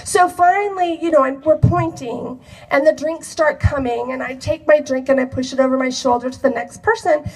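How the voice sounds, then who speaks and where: A woman telling a personal story to an audience in an animated, expressive way. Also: sits high, moderate pace, far from the mic, poor audio. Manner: animated, expressive, acts out quoted dialogue with laughs. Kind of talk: personal anecdote told to a live audience.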